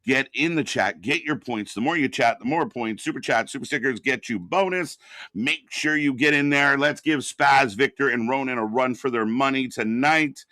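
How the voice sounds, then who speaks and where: A man's voice: mid-range voice, normal speed, pushed and bright, dry recording, clean studio sound. A man co-hosting a casual live wrestling stream, agreeing with his partner and explaining the chat points contest. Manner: agreeable, backs up co-host with short replies, runs chat points contest. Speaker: co-host of a live wrestling watch-along stream.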